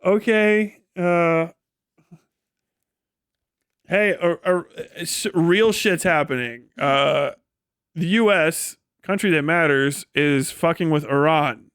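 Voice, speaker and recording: A man's voice: high voice, measured pace, a bit bright, smooth, no echo, clean studio sound. A man streaming live, ranting in an exasperated, profane manner with frequent laughs. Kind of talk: livestream rant.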